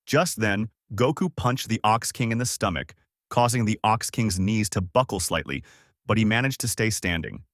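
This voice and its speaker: Man narrating a fan story with a lively voice. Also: lowish voice, normal speed, no echo, studio quality.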